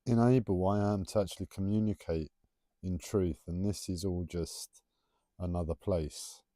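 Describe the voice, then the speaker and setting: A man talks on a solo livestream from home, drifting from one tangent to the next in a self-confessed waffle. His voice sits low and mellow, and he stumbles over his T's. The sound is dry and close, with no room echo. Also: fairly even intonation, moderate pace. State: struggling to pronounce his T's. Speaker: livestream host. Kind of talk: rambling solo livestream talk.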